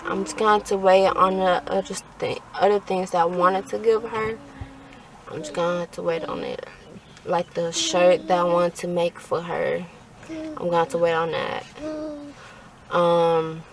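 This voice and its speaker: Young female vlogger, unhurried and low-pitched, rambling and tired, a little far from the mic. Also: a little hiss or hum. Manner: rambling, many fillers, stressed and tired. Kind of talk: casual vlog talk to camera.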